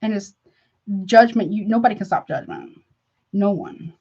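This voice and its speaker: A woman's voice: mid-range voice, expressive, moderate pace, creaky, dark tone, breathy edge, highs cut off. A woman reading tarot in a casual livestream, chatty and frank, calling her viewers honey and baby with rambling asides. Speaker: tarot reader.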